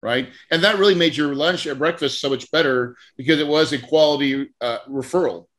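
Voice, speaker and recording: A man with a bright, forceful voice pitched a bit high tells an animated story as a podcast host. He acts out each conversation as he goes and laughs often. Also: a little fast. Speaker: podcast host and real estate mentor. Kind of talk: lively storytelling in a podcast interview.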